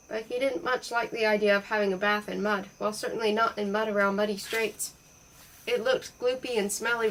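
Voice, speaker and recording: A woman reading a children's storybook aloud in a playful, expressive way. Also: medium pitch, far from the mic, a little hiss or hum, poor audio. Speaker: audiobook reader. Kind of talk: storybook narration.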